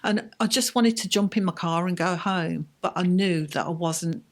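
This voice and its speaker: A woman, a bereaved mother, telling her story in an interview in a halting, emotional way. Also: lowish voice. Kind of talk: personal account in an interview.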